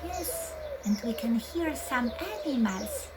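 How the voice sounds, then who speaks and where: A woman teaching English to young children, speaking in a slow sing-song and imitating animal sounds. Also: a little high, lively intonation, a loud crowd. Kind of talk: children's English lesson with songs. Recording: loud background noise.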